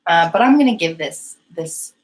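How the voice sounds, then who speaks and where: On a painting live stream, the young female host talks at a normal speed in an animated, lowish voice, chatting casually and giggling with her viewers. The audio quality is poor.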